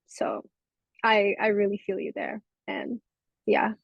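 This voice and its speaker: A woman guest on a podcast, speaking in a tearful, heartfelt and halting way. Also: mid-range voice, little pitch movement, creaky, dry recording, dull audio. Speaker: guest, nonprofit co-founder. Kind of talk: interview answer.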